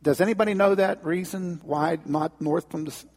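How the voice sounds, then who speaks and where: A man's voice: high-pitched, normal speed, gravelly, a little mellow. A man preaching a sermon in a folksy, conversational way, in a long church reverb. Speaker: pastor. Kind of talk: sermon with storytelling.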